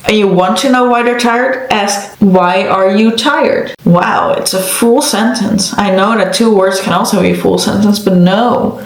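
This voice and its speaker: A woman's voice: mid-range voice, fairly even intonation, normal speed, few pauses, reverberant, poor audio. A young woman from the Netherlands doing her makeup and telling a story in a sarcastic, exasperated way. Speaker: makeup vlogger. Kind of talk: casual chat while doing makeup.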